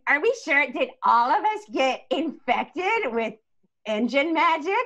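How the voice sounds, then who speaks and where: A woman playing a tabletop game, giggly and animated as she describes her character's gear. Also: high-pitched, measured pace, highs cut off. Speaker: player.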